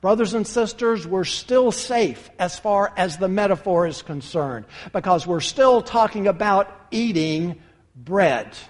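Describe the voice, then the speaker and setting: Preacher, male, high voice, emphatic sermon delivery, reverberant hall sound. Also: animated, unhurried. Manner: emphatic, addresses listeners as brothers and sisters.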